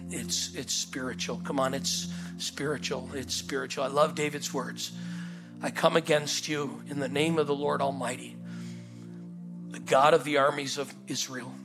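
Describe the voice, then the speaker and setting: Animated pastor preaching. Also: male voice, a little high. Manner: animated, acts out the story in voices, calls "come on". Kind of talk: sermon. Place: church auditorium.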